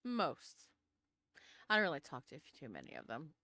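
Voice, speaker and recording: Woman doing a confident old regal man, tabletop game role, low-ish voice, dry close sound. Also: huge pitch swings, moderate pace, pushed and bright, dry recording, heavily acted. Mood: relaxed.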